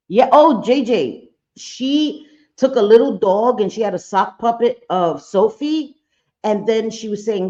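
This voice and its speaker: A woman's voice: medium pitch, mellow, highs cut off. A woman doing a casual livestream reaction, blunt and profane, talking straight to her chat. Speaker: livestream commentator.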